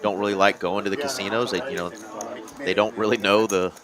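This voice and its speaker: Easygoing male co-commentator with a low voice, heard over busy card-room chatter. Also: flat delivery, fairly quick. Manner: easygoing, reads out viewer messages. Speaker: poker co-commentator. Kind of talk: live commentary and chat. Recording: loud card-room crowd behind. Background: crowd chatter of a card room.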